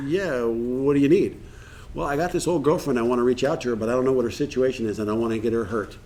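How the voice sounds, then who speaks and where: A man's voice: fairly low pitch, darkish tone, a little hiss or hum. Earnest man leading a recovery workshop. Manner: earnest, acts out dialogue. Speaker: workshop speaker. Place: meeting room with audience.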